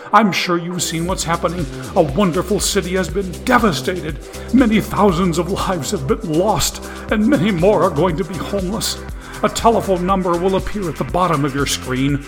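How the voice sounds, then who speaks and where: A man's voice: on the high side, a bit bright, voice pushed up, natural voice. A man voicing a tearful male TV preacher who pleads fervently with his flock. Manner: preachy, rising fervor, pleading.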